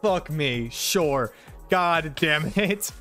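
A young streamer talks through a game with his desk mic, reacting loudly and cursing as things go wrong. His pitch leaps up and down constantly, from low grumbles to high yelps. Soft game music plays in the background. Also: drawn-out words. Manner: excitable, swears, shouts and laughs at the game. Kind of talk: live game commentary.

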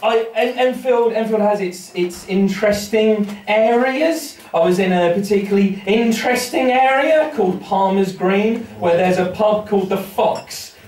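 A man's voice: high-pitched, moderate pace, few pauses, darkish tone, slight background noise. An English man doing a brash, sweary, self-mocking stand-up set in a small pub comedy room. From England. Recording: roomy sound from a distant mic, audience reacting. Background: audience laughter.

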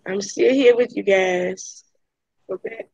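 A woman's voice: medium pitch, very animated, slow, gravelly, a little mellow, breathy edge, low-quality recording. A woman teacher talking casually to her class over a video call, taking the roll and introducing herself in a chatty Southern US way. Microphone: video call audio.

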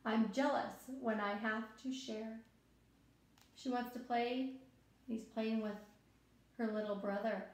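A woman reading a picture book aloud to young children, gentle and expressive, pausing to talk to her listeners. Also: a little high, very echoey. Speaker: children's story time reader.

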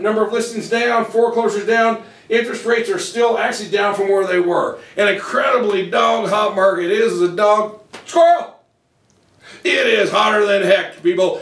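A man's voice: sits high, creaky, fairly bright tone, recorded from a distance. A man giving a jokey, folksy market update as a title company presenter. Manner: folksy, punning, playful. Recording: echoey room, away from mic.

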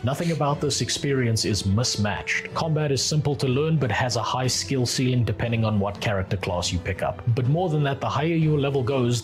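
A man reading scripted gameplay narration for a game review, with wry, sarcastic humor. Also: medium pitch.

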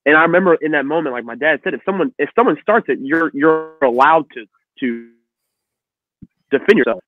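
A man hosting a casual conversation, telling animated stories and acting out the voices of the people in them. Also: fairly high pitch, fairly quick. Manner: animated storyteller, acts out voices in quotes. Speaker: host. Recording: dry, phone-like audio.

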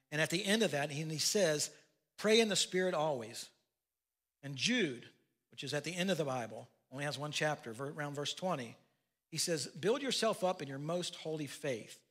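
A man's voice: a little high, a bit bright. An older man preaching a sermon as pastor, telling folksy family stories with asides. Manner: folksy storytelling with laughs and asides.

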